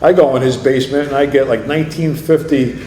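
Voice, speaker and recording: A man's voice: mid-range voice, steady tone, a little fast, darkish tone, a little hiss or hum. Self-mocking New man telling his story. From New Jersey. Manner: rambling, self-mocking storytelling with frequent "you know". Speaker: AA speaker. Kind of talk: recovery story talk. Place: meeting room. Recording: echoey meeting room.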